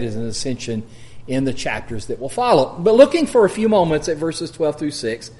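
Male preacher giving a verse-by-verse sermon, slightly raised pitch, deliberate delivery. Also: a little mellow. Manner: measured, deliberate, with slowed emphasis on quoted scripture. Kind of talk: expository Bible sermon.

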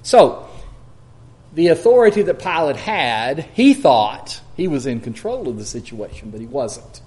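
A man preaching an expository Bible sermon, measured and deliberate, slowing down to stress quoted scripture. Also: medium pitch, sing-song, darkish tone.

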